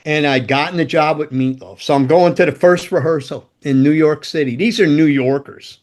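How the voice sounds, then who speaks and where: A man's voice: a little high, moderate pace, a little mellow. A man in his sixties, a former guitar tech, telling profane, rambling road stories as a podcast guest. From United States. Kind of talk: casual storytelling.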